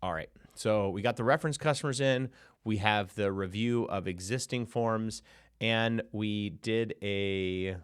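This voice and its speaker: A man's voice: low-pitched, smooth, no room sound, studio quality. A man teaching a casual screen-share tutorial on building AI agents, chatty and hyped, with sudden playful outbursts, recorded on a desk mic in a small room.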